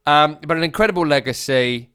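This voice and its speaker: A man hosting a football podcast, talking in an earnest, reflective way with halting restarts. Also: on the high side, fairly bright tone, smooth. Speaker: podcast host. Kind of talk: casual football podcast chat.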